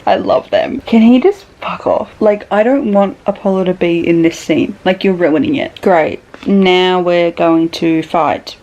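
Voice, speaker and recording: A young woman chatting casually in a reading vlog, swearing freely and swinging between murmured asides and excited outbursts. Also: on the low side, a little slow, hardly any pauses, dull audio. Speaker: book vlogger. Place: bedroom.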